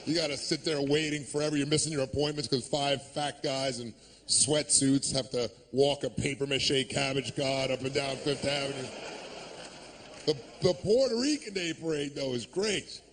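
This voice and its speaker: A man's voice: medium pitch, moderate pace, fairly bright tone, a little hiss or hum. A man performing a stand-up comedy set, sarcastic and ranting, cursing freely and acting out the people he quotes. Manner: profane.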